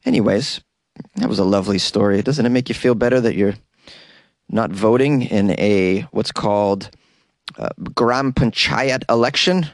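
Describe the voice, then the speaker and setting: A man's voice: fairly low pitch, normal speed, no echo, studio quality. A man hosting a solo comedy news podcast, chatting casually and playfully, rambling and sometimes breaking into silly singing. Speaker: podcast host.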